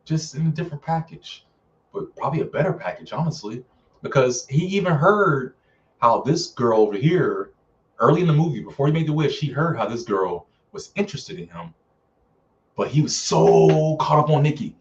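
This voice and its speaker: A man's voice: fairly high pitch, expressive, normal speed, far from the mic, lo-fi sound. A man reviewing films in a casual live stream, chatty and full of fillers, often acting out characters' lines. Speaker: film reviewer.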